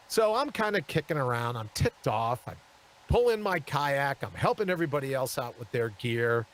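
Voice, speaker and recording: A man hosting a live talk show, telling a story in an animated way and acting out the people in it. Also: medium pitch, normal speed. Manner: animated, acts out the people in his stories. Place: studio.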